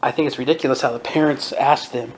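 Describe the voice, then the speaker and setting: A man's voice: mid-range voice, steady tone, fast. A man in his twenties from Southern California, giving his opinions in a casual podcast monologue and chuckling often. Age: 20s. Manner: opinionated, chuckles often, mimics people in quotes. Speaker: podcast host.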